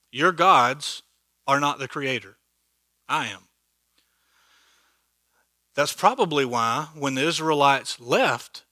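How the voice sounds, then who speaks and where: A man teaching an informal Bible study, animated and chatty, acting out quoted speech with humor and often checking in with his listeners. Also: a little high, dry recording. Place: church meeting room.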